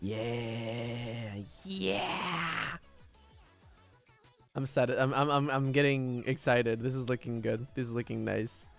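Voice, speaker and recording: Medium-pitched, slow, creaky, and a bit bright, this man's voice accompanies a drawing stream where he chats casually, giggles, and hums small tunes over faint background music.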